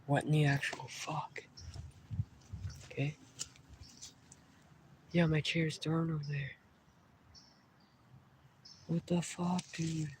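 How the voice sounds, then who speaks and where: Young male vlogger, woods at night, slightly raised pitch, jumpy swearing, faint background noise. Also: little pitch movement, slow, pauses often. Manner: swears a lot, startled and jumpy. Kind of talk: casual live-stream vlog. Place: outdoors in woods by water.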